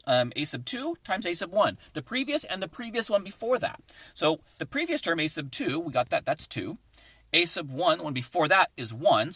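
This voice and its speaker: A man's voice: fairly high pitch, sharp tone, slightly rough, no echo. Man, math teacher, casual lesson, encouraging, recorded in a car, dry close sound. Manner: encouraging, chatty, thinks aloud. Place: inside a parked car.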